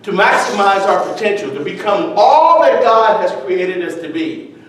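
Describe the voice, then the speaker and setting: Man, motivational speaker, high voice, storytelling with character voices; far-off mic in a very echoey hall. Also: very animated, normal speed, a bit bright, slight background noise. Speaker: speech contest speaker. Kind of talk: prepared motivational speech.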